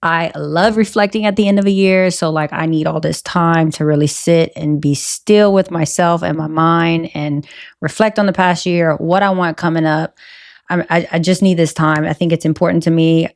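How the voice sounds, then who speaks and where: A woman's voice: sits low, fairly even intonation, moderate pace. A woman in her thirties hosting her own podcast, chatting casually and rambling off on tangents. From American South. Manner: chatty, rambling, self-interrupting. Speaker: podcast host. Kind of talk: casual solo podcast chat.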